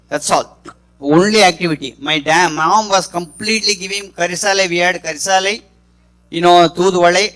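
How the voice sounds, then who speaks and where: A middle-aged man giving a spontaneous talk, halting and often restarting his phrases. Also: a little high, fairly bright tone, poor audio. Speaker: speaker on spiritual healing.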